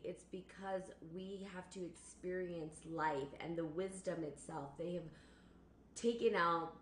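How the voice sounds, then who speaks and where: A woman with a fairly low voice hosts a spiritual live stream, circling back over her own phrases as she talks. The sound is echoey, as if from a bare room, with a faint hiss behind her. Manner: rambling, repeats phrases, laughs, greets viewers. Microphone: computer or phone on a live stream.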